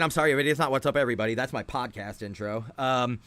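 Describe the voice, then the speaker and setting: A man's voice: medium pitch, steady tone, fast, bright, forceful tone, clean tone, no room sound. A man hosting a podcast, ranting casually with constant swearing and irritation. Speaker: podcast host.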